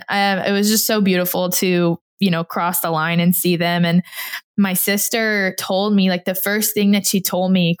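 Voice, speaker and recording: Young woman guest, casual and chatty, mid-range voice, acts out quoted lines. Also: medium pitch. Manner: chatty, quotes people in little voices, laughs often. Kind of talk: casual chat.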